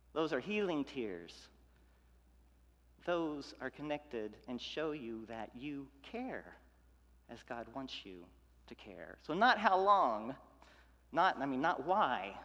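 A male pastor delivers a sermon in a fairly high voice, repeating phrases to build intensity and then falling to near-whispered tenderness. His words ring out with the long reverb of a church hall. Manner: preaching with rhythmic repetition and swings from loud to hushed.

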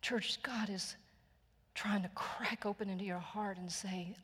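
Gentle Texan woman preaching in a hall. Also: medium pitch, steady tone, unhurried, slightly rough. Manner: gentle, earnest storytelling with soft hushed passages. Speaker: pastor. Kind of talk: sermon. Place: church sanctuary.

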